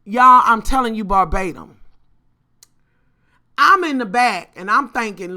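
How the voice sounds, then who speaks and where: A woman vlogger talks casually to her viewers, swearing freely and staying animated throughout. Her voice is bright and forceful and sits a little high. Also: a little slow. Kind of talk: casual storytelling vlog.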